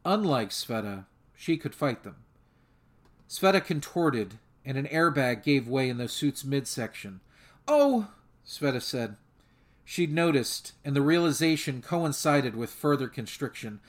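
A man narrating a fan audiobook in a measured, steady storytelling manner. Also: mid-range voice.

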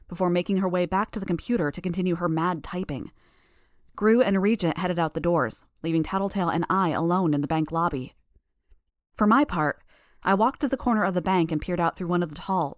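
A woman narrates an audiobook chapter in the first person, with a lowish voice. Her reading is steady and measured. The recording is dry, with no room sound. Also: no echo.

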